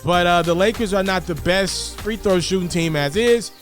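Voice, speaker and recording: A man giving casual, animated basketball commentary, often repeating words and jumping up in pitch for emphasis. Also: moderate pace, soft background music.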